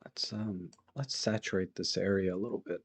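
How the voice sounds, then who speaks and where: A man hosting a live photo-editing stream, thinking aloud in a relaxed, chatty way as he works and greets viewers in the chat. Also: low voice, moderate pace, creaky, husky.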